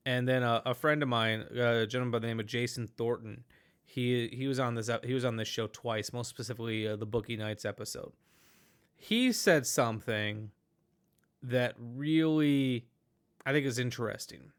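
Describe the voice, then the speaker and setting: A man hosting a podcast, chatting casually about a film, talking in animated, rambling bursts with many restarts and fillers. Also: medium pitch, normal speed, clean tone. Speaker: podcast host. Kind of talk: casual movie review chat.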